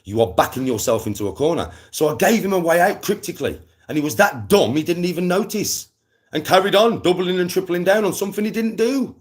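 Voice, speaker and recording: A young man chatting to his live-stream viewers in a casual, animated way, full of slang and swearing. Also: high voice, fairly quick. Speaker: livestreamer.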